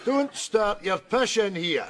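An actor playing a grumpy, crude older Scottish pub landlord with a Scottish accent, indignant and bickering. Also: male voice, high-pitched, animated, takes it slowly, a crowd in the background, noisy background, full character voice. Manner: gruff, indignant, bawdy bickering. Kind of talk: sketch comedy acting.

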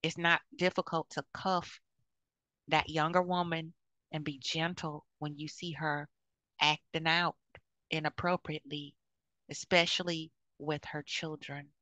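Outspoken woman in her 50s lecturing other ladies, sharp punchy voice, dry close sound. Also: low-pitched, level tone, a little slow, no room sound. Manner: blunt and outspoken, keeps asking "okay?". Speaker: vlogger giving advice to older women. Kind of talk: frank advice monologue.

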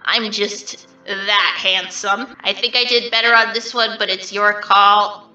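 A woman's voice: mid-range voice, fairly even intonation, unhurried, bright, forceful tone, roomy sound, recorded from a distance, dull audio, soft background music. A woman voicing a vain, mischievous male triangle dream demon who reacts to fan art in a smug, theatrical, mock-offended way.

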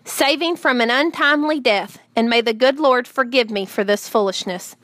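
Woman doing a calm, kindly farmer dad in a storybook reading, fairly high voice. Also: normal speed, dry recording, clean studio sound, lightly acted. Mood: gentle. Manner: calm, gentle, firm. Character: patient farmer father, gentle but firm.

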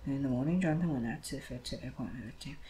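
Guy reading the bible out loud real fast, trips over words and backs up, faint hum behind. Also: mid-range voice, rough recording. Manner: quick reading with frequent stumbles and restarts. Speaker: Bible reader. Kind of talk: reading scripture aloud.

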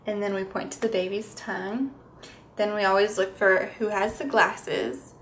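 A woman's voice: medium pitch, level tone, normal speed, fairly bright tone, slight background noise. Woman speech therapist demonstrating toddler reading. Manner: explains plainly, then breaks into sing-song, exaggerated toddler-directed sounds. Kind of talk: instructional demonstration.

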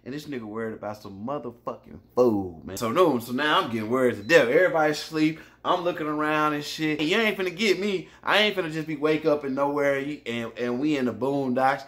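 Bright-voiced man telling a story. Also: on the high side, fairly quick, hardly any pauses. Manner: animated, profane, addresses listeners directly. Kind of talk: casual storytelling vlog.

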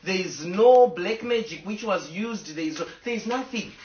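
A woman's voice: mid-range voice, expressive, moderate pace, a little mellow, a little hiss or hum. Woman on a live video, emotional, rambling, distant from the mic, dull roomy sound. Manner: talks to fans, stops to scold her dogs. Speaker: social media personality. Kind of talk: casual live video to fans. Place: home with a fireplace.

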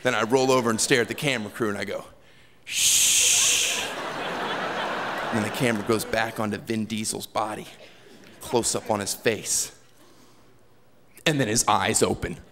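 A male stand-up comedian performing before a live audience, telling animated, sarcastic stories. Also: on the low side, fast, hardly any pauses. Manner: animated storytelling, wry and sarcastic. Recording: echoey hall with audience crowd noise.

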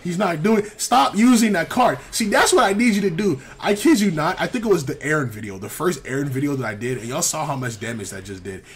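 Young male gaming commentator, casual and slangy, exasperated, lively pitch swings. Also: quick pace, few pauses. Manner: animated, exasperated, heavy slang, frequent repeats.

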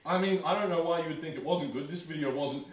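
A man's voice: a little high, fast talker, crowd noise. A young Australian man hosting a mock cooking show in a kitchen, sarcastic and swearing a lot. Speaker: comedy cooking host. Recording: echoey kitchen, mic far off.

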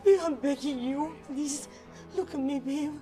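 A high, slow-spoken young woman with a Nigerian accent, a desperate jilted bride begging her fiancé to explain. Soft music plays under the scene of this film drama. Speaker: actress in a film.

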